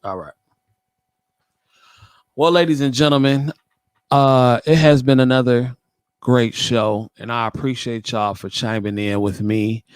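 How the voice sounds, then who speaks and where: A man's voice: medium pitch, steady tone, unhurried, pauses often, clean tone, dry recording. A man hosting a casual talk show, laid-back and chatty, often repeating himself as he signs off. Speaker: podcast host.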